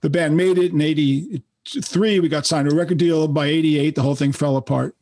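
A man's voice: fairly high pitch, a little fast, darkish tone, dry recording. A man in his sixties with a New York accent, a guest musician telling brash, profane stories in a casual interview. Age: 60s.

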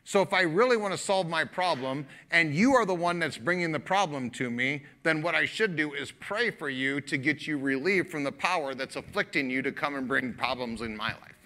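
A man's voice: fairly high pitch, lively intonation, normal speed, hardly any pauses, pushed and bright. A man preaching a sermon as pastor, folksy and joking, often laughing and acting out quotes.

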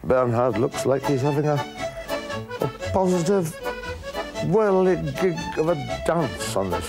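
A man playing an eccentric, boastful Scottish golf coach with a Scottish accent, rambling deadpan through his memories in a comic monologue. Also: medium pitch, creaky. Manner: deadpan rambling reminiscence with dry asides.

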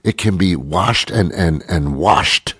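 A man's voice: low voice, animated, takes it slowly, a bit bright, husky, no echo, clean studio sound. A man hosting a talk show, musing aloud in a rambling monologue with frequent stammered restarts, while he has a cold.

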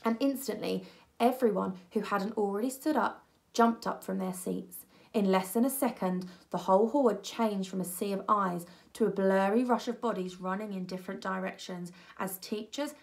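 A woman reading a children's novel aloud at a primary school with expressive storytelling. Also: normal speed, vocal fry. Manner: expressive storytelling, voicing children with raised pitch. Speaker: reader.

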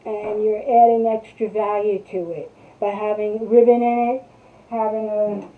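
Woman, craft live-stream host, casual chatty tutorial, higher voice, tinny phone-like sound. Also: slight background noise. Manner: chatty, greets viewers while working.

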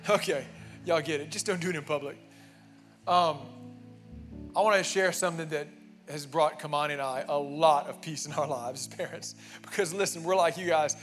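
Male pastor, young, casual emphatic sermon delivery, fairly high pitch. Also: moderate pace, a bit bright, soft background music. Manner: emphatic, conversational preaching with frequent "amen" and "man". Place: church sanctuary.

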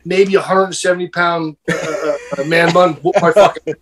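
Man, high voice, rambling, laughing, profane, casual podcast banter. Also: steady tone, moderate pace, a loud crowd. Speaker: podcast co-host.

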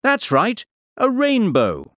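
A slow, lively storytelling professor. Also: male voice, very high voice, dry recording, clean studio sound, exaggerated voice. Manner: slow, clear and very expressive. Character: male professor telling what he saw. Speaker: voice actor on a course audio CD. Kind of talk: scripted storytelling for young learners. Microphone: close studio mic, dry.

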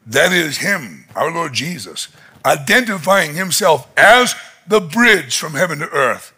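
A man preaching a conference sermon, retelling a story dramatically and acting out its voices, rising to shouts at its peaks. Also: on the high side, very animated, unhurried, breathy edge. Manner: shouts in climactic moments. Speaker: pastor. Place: conference hall.

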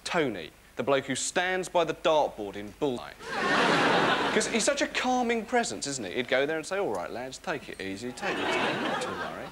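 A neurotic, sleepless young man who rambles on in a wry, self-mocking way. His pitch swings up and down, and the old TV recording has a lot of hiss. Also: big pitch swings, moderate pace, a loud crowd. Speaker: sitcom lead. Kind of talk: comic monologue and dialogue. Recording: noisy TV broadcast recording.

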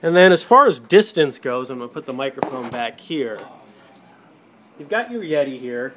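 A man walking viewers through setting up a desktop microphone and call software, step by step, at his computer. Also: mid-range voice, big pitch swings, moderate pace, background noise. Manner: practical step-by-step instructions. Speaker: tutorial presenter for a radio show. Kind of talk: casual screen-recorded tech tutorial. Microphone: desktop USB microphone, moving toward and away from it.

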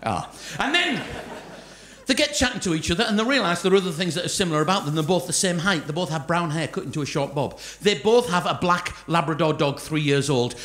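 A stand-up comedian and magician with a fairly high, fairly bright voice teases an audience volunteer with quick ribbing. The live comedy set, full of banter, takes place on a large theatre stage, with the crowd's laughter audible in the recording.

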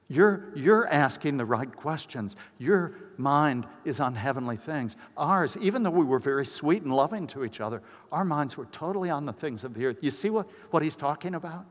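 A man's voice: expressive, moderate pace, hardly any pauses. An older man, a pastor, preaching a conversational sermon at a conference, telling personal stories and acting out quoted voices. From United States. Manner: conversational, acts out quoted voices with big pitch jumps. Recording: long reverb of a large hall.

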